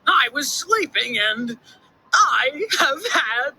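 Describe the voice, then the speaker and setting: A woman voicing a big, grumpy bear woken from sleep, complaining in a drawn-out way during a storybook read-aloud. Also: high voice, very animated, bright, forceful tone, voice pushed up, heavily acted, low-quality recording. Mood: sulky. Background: background music.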